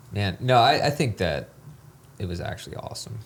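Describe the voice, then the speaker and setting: Chill guy joking around on a podcast, low voice, little bit of background hiss. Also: sing-song, fairly quick, vocal fry. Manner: laid-back, joking. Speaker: podcast co-host. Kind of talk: casual chat.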